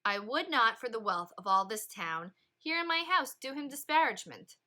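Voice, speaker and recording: A woman reading the lines of an older male household lord who calms a hot-headed kinsman in a measured, soothing way. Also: a little high, low-quality recording.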